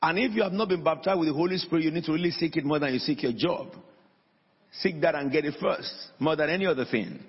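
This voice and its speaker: A man's voice: a little high, quick pace, husky. A man preaching a sermon in a church hall, emphatic and calling out to his congregation. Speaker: pastor. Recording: dull lo-fi recording in a long-reverb hall.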